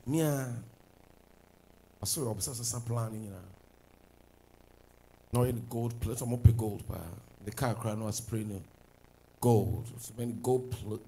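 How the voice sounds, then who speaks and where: A man preaching a sermon as pastor, swinging from loud declarations to low asides. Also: a little hiss or hum, low-quality recording.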